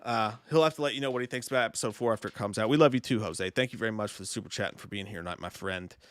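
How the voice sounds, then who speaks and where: A man's voice: on the low side, very fast, dry recording. A man hosting a casual live stream, reading viewer messages in a profane, laid-back way. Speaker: host.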